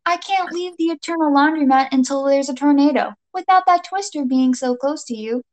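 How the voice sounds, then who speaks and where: A woman voicing a brash, confident female laundromat fighter, sarcastic and brisk. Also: high voice, pitched above the performer's own voice, natural voice.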